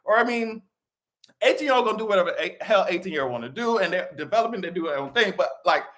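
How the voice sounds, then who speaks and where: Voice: mid-range voice, fast. A live-stream commentator talking casually, swearing freely and laughing often. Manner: profane, animated, laughs often.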